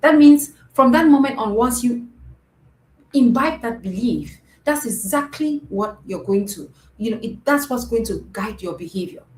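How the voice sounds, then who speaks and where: A woman's voice: fairly high pitch, expressive, moderate pace. Earnest woman coaching parents, echoey room. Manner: earnest, repeats points, asks "right?" often. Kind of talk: live-streamed talk to parents. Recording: echoey room with faint noise.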